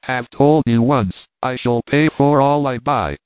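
A man's voice: medium pitch, a little slow, no echo, natural voice. Guy doing a blunt, bossy army captain, storybook reading, tinny dry audio. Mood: impatient. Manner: curt, commanding. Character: brusque impatient male army captain. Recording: dry tinny phone-like sound.

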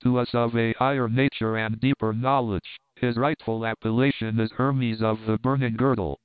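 A man's voice: mid-range voice, little pitch movement, normal speed, smooth, dry recording, lightly acted. A man voicing an ancient proud witch in a storybook reading, speaking in solemn archaic phrasing. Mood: grim. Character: ancient proud female witch, humbled hag. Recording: phone-like lo-fi audio.

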